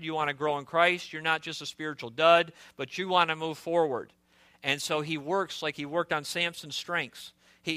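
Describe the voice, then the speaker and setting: A man preaching a sermon in an earnest, conversational way, asking rhetorical questions of a congregation in a warm indoor hall. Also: fairly high pitch.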